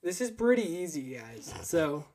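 A man's voice: fairly high pitch, big pitch swings, a little slow, darkish tone. A man hosting a podcast in casual chat, teasing his guest in a dry way. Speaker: podcast host.

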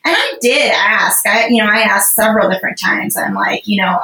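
A woman's voice: mid-range voice, moderate pace, hardly any pauses, bright, forceful tone. A woman guest on a podcast, telling a personal story in a casual, rambling way with lots of fillers. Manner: rambling, emotional, heavy on fillers. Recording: roomy echo.

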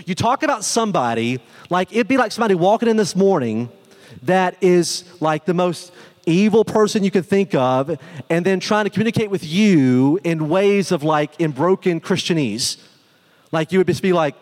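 Male preacher, high voice, casual animated delivery, long hall reverb. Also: normal speed. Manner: conversational, animated, acts out quotes. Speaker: pastor. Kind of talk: sermon.

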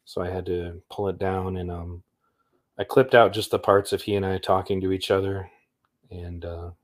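A man's voice: deep voice, level tone, moderate pace. A man hosting a livestream in a rambling, upbeat, chatty way. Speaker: livestream host. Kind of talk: casual livestream chat.

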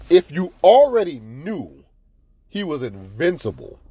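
Mellow-voiced man ranting on a podcast. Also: medium pitch, big pitch swings, moderate pace, husky. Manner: profane, ranting, growing heated. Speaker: podcast host. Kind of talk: casual review chat.

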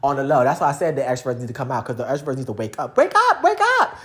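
A woman's voice: a bass voice, fairly even intonation, racing, darkish tone. A woman ranting casually to camera, blunt and profane, with lots of slang, addressing her viewers directly. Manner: talks straight to viewers, addressing them. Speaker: vlogger.

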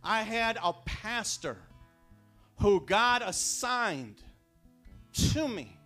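A man preaching a sermon, telling personal stories and building to fervent shouts. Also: high-pitched, big pitch swings, very slow, faint music behind.

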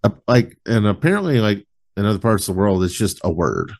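Low-voiced man, rambling and jokey. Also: sing-song, a little fast, gravelly, a little mellow. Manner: rambling, jokey, swears freely. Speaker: podcast host. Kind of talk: casual chat.

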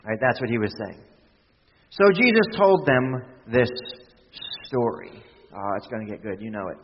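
A man's voice: mid-range voice, lively intonation, brisk, breathy edge. A man preaching a conversational sermon as pastor, with frequent restarts and asides. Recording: distant hall sound, dull lo-fi.

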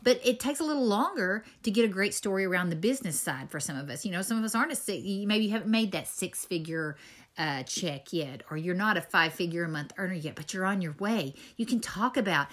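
A middle-aged woman, giving chatty, energetic coaching tips to network marketers. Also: medium pitch, a little fast. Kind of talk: motivational talk to camera.

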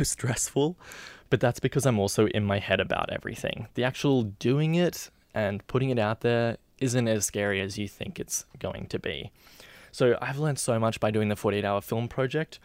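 A man's voice: medium pitch, a little mellow, no room sound. Man, rambling casual advice, self-deprecating laughs, dry close sound. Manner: chatty and rambling, laughs at himself, many fillers. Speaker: aspiring actor and filmmaker. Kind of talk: casual advice talk to camera.

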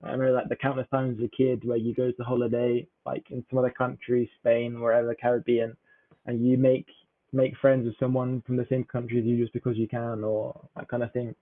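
A man's voice: mid-range voice, completely flat delivery, fairly quick, dry recording. A young man from southern England with a southern English accent, chatting casually as a podcast guest and rambling through filler words. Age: young adult. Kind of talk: casual chat. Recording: tinny phone-like line.

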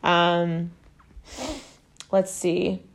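A woman's voice: fairly low pitch, completely flat delivery, drawn-out words, a little hiss or hum. A woman hosting a casual podcast at home, telling a family story in a rambling way full of fillers and self-corrections. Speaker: podcast host.

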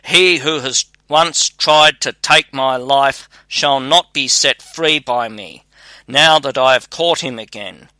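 Brief: a calm, clever young scholar, read by a man, slow and steady with a bright tone. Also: mid-range voice, dry recording. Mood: firm. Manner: calm, firm and fearless.

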